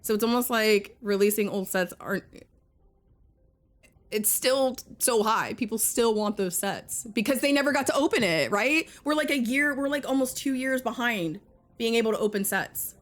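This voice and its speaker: A young woman live-streaming while she games and chats with her viewers, muttering one moment and breaking into loud outbursts the next, with a cough that keeps coming back. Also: fairly high pitch, moderate pace. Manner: excitable, swings between muttering and loud outbursts. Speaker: gaming streamer.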